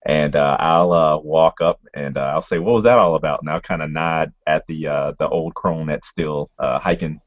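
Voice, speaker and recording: A man's voice: very deep voice, little pitch movement, normal speed, few pauses, no echo. A man playing a tabletop role-playing game, rambling and heavy on fillers. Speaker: player. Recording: dry, slightly muffled recording.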